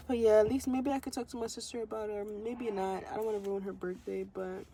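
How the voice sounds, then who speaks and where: Slangy young woman, gravelly voice. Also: medium pitch, steady tone, brisk, mellow, slight background noise. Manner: slangy, rambling, emotional. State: tearful after long crying. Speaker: vlogger. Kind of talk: casual talk to camera. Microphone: phone camera.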